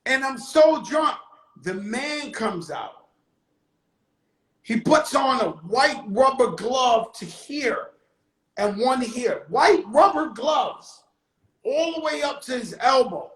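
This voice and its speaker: High-voiced man telling a story slowly, shouting at times. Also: reverberant, poor audio. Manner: animated and profane, with sudden shouted bursts. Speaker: livestream host telling a story. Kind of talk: casual storytelling on a live stream. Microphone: phone on a live stream.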